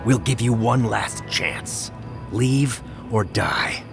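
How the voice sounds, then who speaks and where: An actor playing a gruff male trapper in a game, blunt and scornful. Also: on the low side, slow. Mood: hostile. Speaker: game character. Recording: game audio over music.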